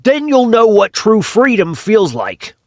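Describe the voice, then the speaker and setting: A man's voice: sits high, very animated, measured pace, dry recording. A man impersonating a brash, smug male influencer who taunts listeners about being poor.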